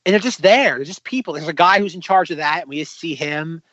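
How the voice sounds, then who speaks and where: A man co-hosting a casual film podcast, rambling as he retells scenes and mock-quotes the characters. His voice sits fairly high for a man. The audio is dry and a little dull. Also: fast, fairly bright tone, dry recording. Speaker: podcast co-host.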